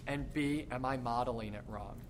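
A man who is a choir director, teaching a choral workshop in an animated way and breaking into sung demonstrations. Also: mid-range voice, moderate pace, background noise. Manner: animated, demonstrates by singing phrases.

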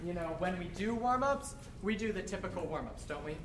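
Male choir director, lively workshop teacher who sings examples; noisy live recording. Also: high voice, brisk. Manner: animated, demonstrates by singing phrases.

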